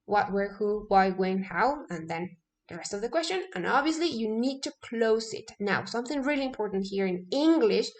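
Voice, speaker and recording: A woman's voice: mid-range voice, lively intonation, normal speed. A woman English teacher, a native Spanish speaker, explaining grammar step by step, often checking in with "okay?" and correcting herself mid-sentence.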